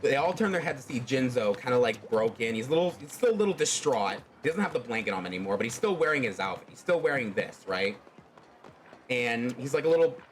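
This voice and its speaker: Man, casual storyteller, rambling, many fillers, animated pitch, faint noise. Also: fast talker. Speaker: streamer telling a fan story.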